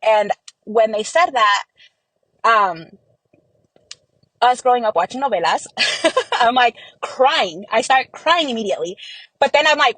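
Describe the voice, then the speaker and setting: In a close-mic podcast interview, a young woman from Texas tells a painful family story, acting out what people said and saying "like" a lot. Her voice is medium-pitched and fairly bright at a moderate pace, with no room sound and rough recording quality.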